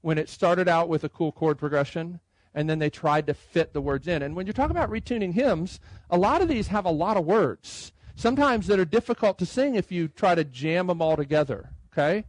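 Man, fairly high voice, dry close sound, conversational conference talk, slow read-aloud lines. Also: animated, no echo, low-quality recording. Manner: conversational, reads lines out slowly. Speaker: hymn writer speaking at a conference. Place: conference room.

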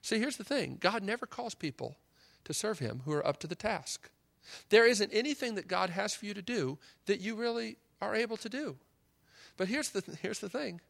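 A man preaching a sermon in an animated, emphatic way, acting out the lines he quotes. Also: high voice, moderate pace, gravelly.

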